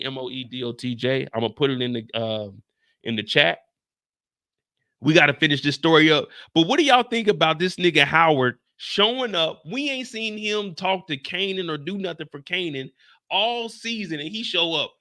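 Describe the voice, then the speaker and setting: A man hosting a live after-show stream, ranting loudly and profanely straight to his chat. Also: a little high, moderate pace, no room sound, clean studio sound.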